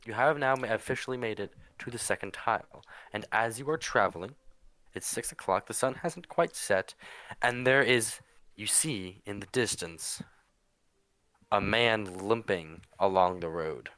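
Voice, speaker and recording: A man runs a tabletop game as game master, narrating in a casual, halting way. His tone is bright and forceful, and his voice sits on the low side. The sound is dry and close. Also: dry recording.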